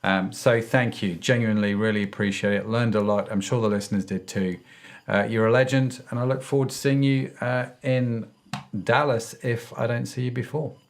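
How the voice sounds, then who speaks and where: A man's voice: medium pitch, fairly even intonation, normal speed. A man hosting an interview podcast, upbeat and jokey with effusive praise for his guest and listeners. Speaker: podcast host. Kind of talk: casual interview and show outro.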